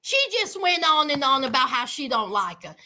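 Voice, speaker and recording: A woman's voice: sits high, big pitch swings, normal speed, bright, forceful tone. A woman hosting a reality TV recap in casual commentary, sassy, gossipy and emphatic, repeating phrases for effect.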